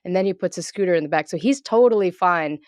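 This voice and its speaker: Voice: medium pitch, lively intonation, quick pace, no room sound, clean studio sound. A podcast co-host with a woman's voice, chatting playfully about a movie and teasing their partner. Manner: playful, teasing, swears casually. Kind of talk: casual movie review chat.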